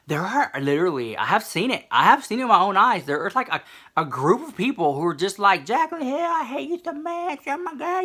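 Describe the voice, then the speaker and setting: A man delivers gossipy commentary with lots of sass, tossing in "girl" as he goes. His pitch swings up and down with animation, and his voice has a bright, forward edge. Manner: sassy, addresses listener as "girl". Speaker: commentary vlogger.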